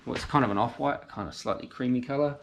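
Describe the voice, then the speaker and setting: A man's voice: medium pitch, fast talker, gravelly, a little hiss or hum. A man with a New Zealand accent hosting a casual car restoration vlog, thinking aloud and correcting himself as he works in a garage, talking into a handheld camera. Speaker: car restoration channel host. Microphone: handheld camera mic.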